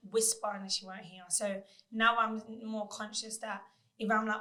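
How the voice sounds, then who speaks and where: A young mother speaks candidly on a podcast, reflecting at length in a level, fairly flat voice. Her pitch sits in the middle and her delivery is relaxed and conversational. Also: a little slow. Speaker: podcast guest. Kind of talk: casual podcast chat.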